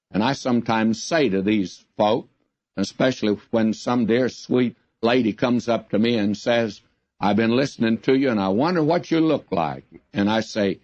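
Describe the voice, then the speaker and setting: Older male radio preacher, slow and folksy, earnest emphasis, dull lo-fi broadcast sound. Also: mid-range voice, a little mellow, dry recording. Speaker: radio Bible teacher. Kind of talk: radio Bible teaching.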